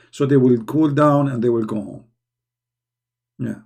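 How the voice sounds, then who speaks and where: A man's voice: medium pitch, moderate pace, mellow. Sarcastic man. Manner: sarcastic, mocking, broken English grammar. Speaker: chat show host. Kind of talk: casual live-chat monologue.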